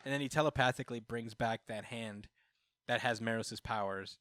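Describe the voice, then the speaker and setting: Recapping a comic chapter with his podcast co-host, this man speaks at a medium pitch and normal speed with a slightly bright tone. He laughs as he acts out characters' lines, and the podcast microphone gives clean studio sound with no room sound.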